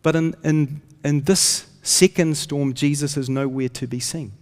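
A man's voice: fairly high pitch, steady tone, measured pace, darkish tone. A man preaching a sermon, telling stories earnestly and lifting his voice when he reads scripture. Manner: earnest storytelling, rises when reading scripture. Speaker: pastor. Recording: long hall reverb.

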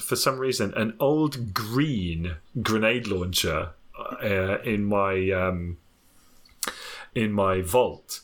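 A man's voice: lowish voice, drawn-out words. A man co-hosting a casual gaming podcast, joking and laughing often, trailing off with fillers. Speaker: podcast co-host.

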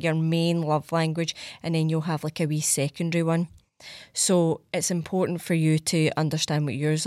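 A woman's voice: lowish voice, a little mellow, no echo. Chatty Scottish woman, dry close sound. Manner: chatty, swears freely, acts out quotes. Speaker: podcast host. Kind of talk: casual solo podcast chat.

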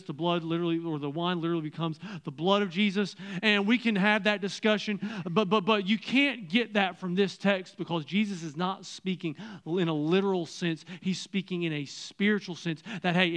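High-voiced man preaching conversationally. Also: a bit bright, smooth. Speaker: pastor. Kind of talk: sermon. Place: church service.

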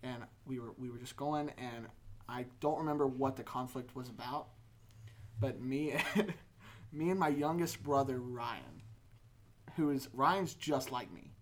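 A woman's voice: a bass voice, a little slow. A woman co-hosting a podcast, telling a childhood story in a casual chat, rambling with fillers and laughing along. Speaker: podcast co-host.

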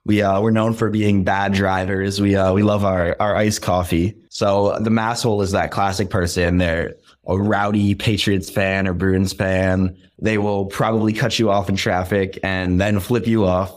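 Young man with a very deep voice, chatting loosely. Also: moderate pace, hardly any pauses. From Western Massachusetts. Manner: relaxed, rambling, repeats words and says "like" often. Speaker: guest. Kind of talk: casual interview chat.

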